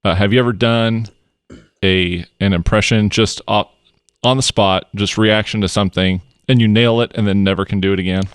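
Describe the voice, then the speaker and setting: A man hosting a casual podcast, chiming in with quick, energetic interjections. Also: fairly low pitch, clean tone, dry recording, studio quality. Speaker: podcast host. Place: small hot studio.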